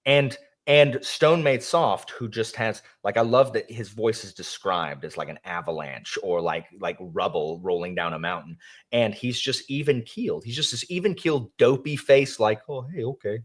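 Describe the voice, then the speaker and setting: A man's voice: fairly low pitch, lively intonation, moderate pace. A man in a casual live book discussion, talking with enthusiasm and often trailing off mid-thought.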